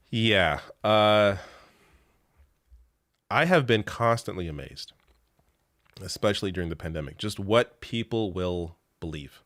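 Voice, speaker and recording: A man's voice: deep voice, unhurried, long pauses, a bit bright, no echo, studio quality. A man hosting a live show, chatting casually and reading viewer comments in a rambling way, laughing often and swearing freely.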